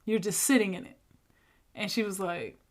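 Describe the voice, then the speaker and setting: A woman's voice: mid-range voice, normal speed, a little hiss or hum. A woman hosting a podcast as a coach, telling stories in a casual monologue, acting out quoted dialogue and laughing often.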